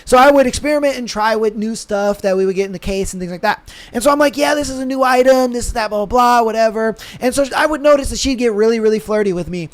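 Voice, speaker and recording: Guy with a really high voice, loose casual podcast chat, swears a lot, keeps going on with his story. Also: quick pace, few pauses. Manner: animated storytelling, profane, lots of fillers. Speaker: podcast co-host.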